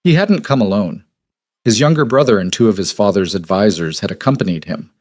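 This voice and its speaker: A man narrating a historical romance audiobook in an even, measured storytelling manner. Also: lowish voice, dry recording, clean studio sound.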